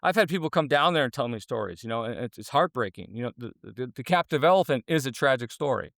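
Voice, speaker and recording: A man's voice: medium pitch, lively intonation, fast, gravelly, fairly bright tone, dry recording, studio quality. A middle-aged man, a former zookeeper, speaking in an earnest, rambling way, with many restarts and fillers, as a guest in an interview. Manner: gets emotional when talking. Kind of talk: casual interview talk.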